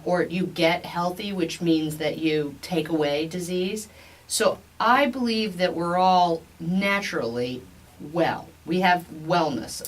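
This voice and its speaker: A woman's voice: fairly low pitch, low-quality recording. A woman, a medical doctor, talking casually as a podcast guest, with lots of fillers and restarts. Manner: chatty, many fillers and restarts.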